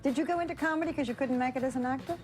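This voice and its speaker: A woman hosting a TV interview special, asking gentle, probing questions and narrating between clips. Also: high-pitched, very fast, loud music behind the voice. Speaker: TV interviewer and host.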